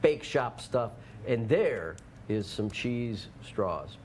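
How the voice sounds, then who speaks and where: A man hosts a local television show in a playful, teasing manner. His pitch moves a lot and stays animated. There is a faint noise under the voice. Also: slow pace. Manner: playful, jokey, puts on silly voices. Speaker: TV show host. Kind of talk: casual on-air banter selling deals.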